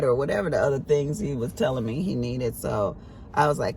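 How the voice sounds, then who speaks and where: A middle-aged woman talks casually to her viewers, her pitch swinging widely as she tells stories. She jumps into loud, exclaimed quotes of herself scolding her grown children. A faint hiss of noise sits behind her voice. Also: normal speed. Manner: animated storytelling with sharp exclaimed quotes. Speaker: vlogger. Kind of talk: casual chat to camera.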